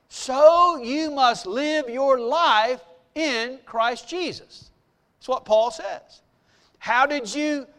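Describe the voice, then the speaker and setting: A man preaching with a strikingly high, lively voice that leaps up and down as he stresses each point. He talks slowly and deliberately, pausing to quiz his listeners and dwelling on every word of scripture he reads. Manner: emphatic call-and-response, slowing to read verses aloud. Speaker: pastor teaching a Bible class. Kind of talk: sermon with fill-in notes.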